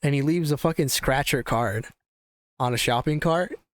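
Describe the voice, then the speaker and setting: A man's voice: a little high, moderate pace, no echo, clean studio sound. A young man hosting a podcast, telling a story in a casual, profane, rambling way. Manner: profane, animated, rambling with restarts. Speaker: podcast host.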